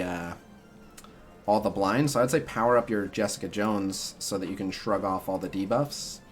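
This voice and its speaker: A young man streaming a mobile game, chatting casually with his viewers in a rambling way full of "like" and "uh" fillers. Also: on the low side. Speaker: streamer answering chat. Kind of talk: casual livestream chat about a mobile game.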